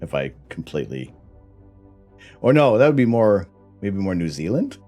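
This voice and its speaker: A man's voice: low voice, very animated, moderate pace, warm tone, faint music behind. A middle-aged Canadian man hosting a live stream, chatty and self-mocking, laughing often as he reads out explanations and answers chat. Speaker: livestream host.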